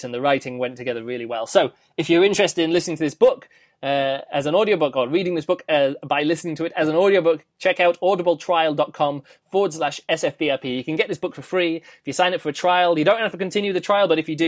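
A man's voice: a little high, no echo, studio quality. A man hosting a podcast, reviewing a book in a casual, rambling way, with many fillers and restarts.

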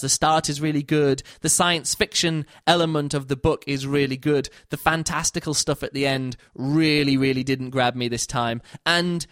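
A man with a fairly high, fairly bright voice, captured in a dry studio-quality recording, gives a casual spoken book review. He rambles, restarts a lot and keeps correcting himself mid-sentence.

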